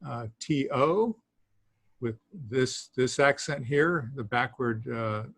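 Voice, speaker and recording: A man teaching a beginners' language class, talking haltingly with many fillers and small laughs. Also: mid-range voice, lively intonation, slightly rough, dry recording. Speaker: Greek teacher. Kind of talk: classroom lesson.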